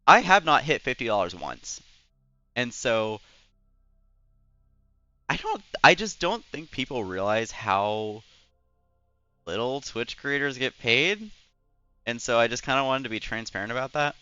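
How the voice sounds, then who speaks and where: Young male streamer who chats and rambles. Bright, crisp voice with a lively lilt. Dry, lo-fi mic. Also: mid-range voice, a little slow, pauses often, no echo, faint music behind. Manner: rambling and chatty, full of "like" and "anyways". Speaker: Twitch streamer. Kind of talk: casual live-stream chat while gaming.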